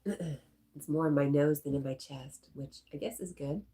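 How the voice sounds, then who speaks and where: A middle-aged woman with a low, stuffy-nosed voice hosts a relaxed live stream. She reads viewer comments aloud and answers them in an easy, chatty way. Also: normal speed. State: stuffy nose. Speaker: live stream host reading chat. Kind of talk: casual live stream chat.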